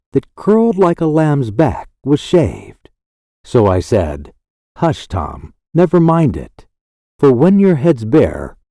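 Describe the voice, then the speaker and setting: A man recites poetry for an audiobook at an unhurried, deliberate pace. His voice is mellow and warm, and it rises and falls widely through each line. The recording is dry and close, with no room sound. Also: mid-range voice, no room sound. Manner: slow, measured, lilting recitation. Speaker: audiobook narrator. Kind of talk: scripted poetry reading.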